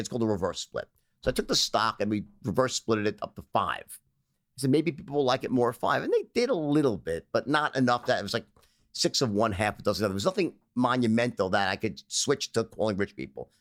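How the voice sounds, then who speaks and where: A man as an interview guest, telling stories and acting out phone sales pitches in character. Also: a bit bright, dry recording, studio quality. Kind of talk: storytelling in a conversational interview.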